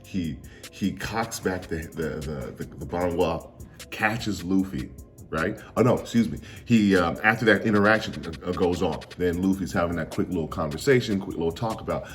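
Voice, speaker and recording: A man's voice: deep voice, moderate pace, soft background music. A young man recapping a comic chapter in a casual, slangy, jokey way with frequent laughs. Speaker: manga reviewer.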